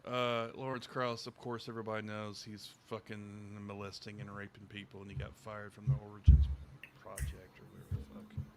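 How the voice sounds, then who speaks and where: A man hosting a casual podcast chat, talking in a profane, sarcastic and animated way. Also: on the low side, fairly quick, background noise. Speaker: podcast host.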